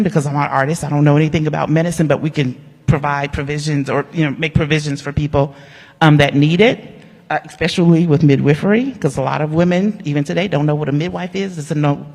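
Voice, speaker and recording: A woman, an award honoree giving an animated, humorous storytelling speech that talks straight to the audience. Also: low voice, a little fast. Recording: long hall reverb.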